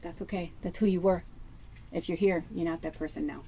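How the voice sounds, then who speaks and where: A woman's voice: fairly low pitch, fairly even intonation, brisk, creaky, mellow, a little hiss or hum, rough recording. A woman talking casually to camera as a psychic medium, chatty with many fillers, at times dropping her voice to a whisper. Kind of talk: casual spiritual talk to camera. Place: home off grid.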